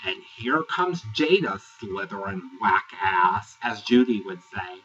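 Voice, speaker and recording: A sassy man rants through a casual review with a bright, animated voice that swings up and down. He sounds exasperated and mocking. The recording is dull and lo-fi, and the mic sits some distance away. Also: moderate pace. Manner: sassy, exasperated, mocks people in high put-on voices. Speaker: reality TV reviewer. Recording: dull, lo-fi, voice set back from the mic.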